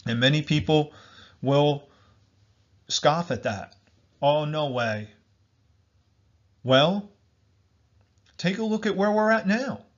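A man delivering an emphatic political monologue, repeating himself and calling his listeners folks. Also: fairly high pitch. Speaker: commentator. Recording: dull lo-fi recording.

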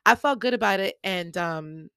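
A woman's voice: mid-range voice, animated, normal speed, a bit bright, clear, resonant tone, dry recording. A woman hosting her own podcast, telling a story casually and acting out the people she quotes with big jumps in her voice, recorded on a podcast mic. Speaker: podcast host.

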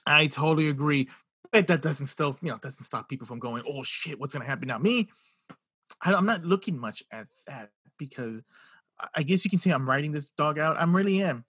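A man with a husky, raspy edge and a bright, forceful tone, talking boxing in a loose, animated way. He stumbles and repeats himself and swears freely. The sound is dry and close. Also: a little high, moderate pace, no room sound. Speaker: boxing podcast co-host. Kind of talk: casual chat.

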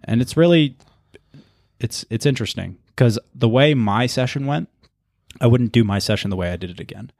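A man's voice: mid-range voice, animated, normal speed, creaky, a little mellow, no room sound, studio quality. A man hosting a podcast in a laid-back, casual chat and swearing freely. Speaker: podcast host.

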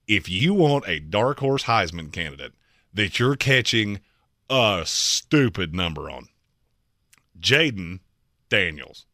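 A man co-hosting a sports talk show, debating coaches in an emphatic, opinionated way with quick jokes. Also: lowish voice, big pitch swings, pushed and bright, dry recording, studio quality. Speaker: sports podcast co-host.

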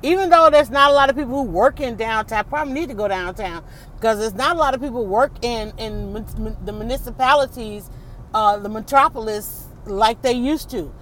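A woman's voice: fairly high pitch, a little fast, fairly bright tone, a little hiss or hum. A middle-aged woman podcast host talking casually to viewers while driving, rambling and chatty, calling them y'all. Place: in a car on city roads.

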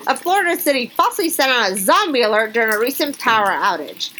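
Chatty lady podcast host reading news bits out loud, bright kinda high voice, little hiss behind. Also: fast talker, low-quality recording. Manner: chatty, animated, reacts with exclamations. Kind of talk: casual chat, reading news stories aloud.

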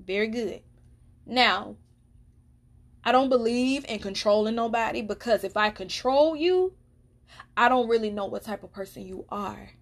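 Her voice sits on the high side, and she speaks at a measured pace with long pauses. As the host of a solo podcast, she gives a casual monologue that's candid, emphatic, and full of free swearing.

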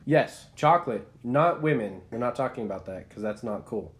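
A young man co-hosting a podcast, telling a story in an animated, rambling way with many restarts. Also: medium pitch, moderate pace. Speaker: podcast co-host. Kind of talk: casual chat.

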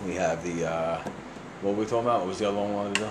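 A man's voice: on the low side, rapid-fire. A man co-hosting a podcast, talking in a loose, crude and joking way. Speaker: podcast co-host. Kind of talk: casual podcast banter. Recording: echoey room with noise.

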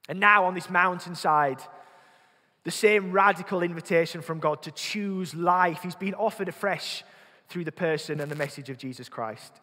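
Preaching in a church with long hall reverb, a man with a Yorkshire accent speaks earnestly, repeating words while thinking and asking the congregation questions. His voice is high-pitched and sharp, at a moderate pace.

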